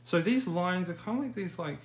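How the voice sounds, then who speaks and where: A man's voice: sits high, lively intonation, brisk. A middle-aged man teaching a live online drawing class in a casual, encouraging, chatty way. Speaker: art teacher.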